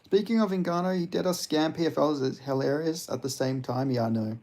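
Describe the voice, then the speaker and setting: Gravelly-voiced man streaming. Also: fairly high pitch, fairly quick, darkish tone. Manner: rambling, profane, reads chat aloud. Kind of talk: casual live-stream chat.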